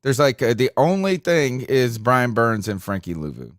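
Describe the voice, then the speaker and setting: A man hosting a sports podcast call-in show, talking in a frustrated, rambling way and trailing off quietly at times. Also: medium pitch, big pitch swings, normal speed, no room sound, clean studio sound. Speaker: podcast host taking calls. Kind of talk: casual postgame call-in talk.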